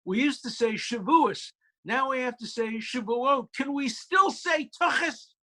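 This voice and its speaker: A man voicing a chatty, cheeky woman congregant with a Southern US accent, in a high sing-song voice, during a joke told on a video call. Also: a little slow, bright, forceful tone, full character voice.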